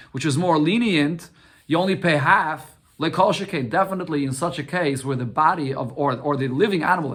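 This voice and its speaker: A man with a somewhat high, slightly bright voice teaches a daily Talmud lesson. He reads short Aramaic phrases and explains them step by step, often repeating words and posing and answering his own questions.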